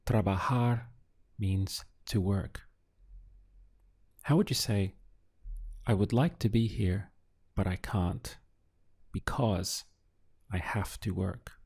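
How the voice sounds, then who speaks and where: A male teacher speaks in an unhurried, measured way, posing a phrase to translate and then calmly supplying the answer. His voice sits low and has a dark, mellow tone. He sometimes splits words into syllables for practice. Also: husky. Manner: poses prompts, pauses, then gives answers syllable by syllable. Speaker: language teacher. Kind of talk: slow, deliberate audio language lesson.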